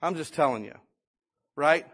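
A man's voice: a little high, moderate pace, fairly bright tone, husky. A male pastor preaching a conversational sermon, reading scripture and building to emphatic exhortation.

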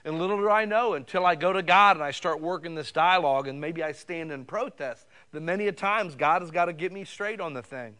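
A man's voice: fairly high pitch, fairly quick, hardly any pauses, pushed and bright. A middle-aged man preaching a sermon, conversational and rising at times to fervent, raised passages. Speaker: pastor.

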